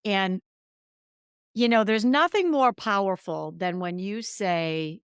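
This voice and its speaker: A woman's voice: lowish voice, a little slow, clear, resonant tone, no room sound, clean studio sound. A middle-aged woman hosting a solo podcast, talking candidly and emphatically, with a self-deprecating streak. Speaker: podcast host. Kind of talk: casual solo podcast monologue.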